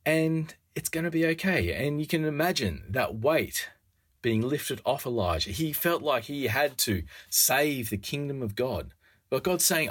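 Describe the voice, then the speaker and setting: A man's voice: mid-range voice, animated, unhurried, a bit bright, husky. A man preaching a sermon in an earnest, wry way, acting out quoted lines with a rising voice.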